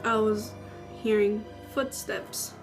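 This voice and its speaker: A woman telling a story in a casual, slangy, animated way. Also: mid-range voice, slow pace. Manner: chatty, slangy, animated retelling with acted-out quotes. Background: faint background music.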